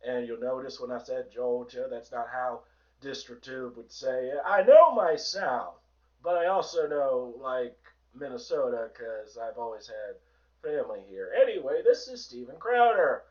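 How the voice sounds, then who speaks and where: A man with a hoarse voice hosting a sarcastic, profane political rant, in a dull, distant home recording. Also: mid-range voice, expressive, moderate pace, a little mellow. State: hoarse from a sore throat. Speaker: host. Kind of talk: ranting political commentary.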